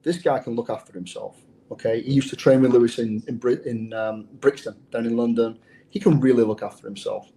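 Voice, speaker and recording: A man tells his undercover past in a casual interview, speaking bluntly and swearing freely. His voice is dark and mellow, and he keeps doubling back on his words as he goes. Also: mid-range voice, fairly even intonation, a little fast, a little hiss or hum. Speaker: former undercover officer, guest.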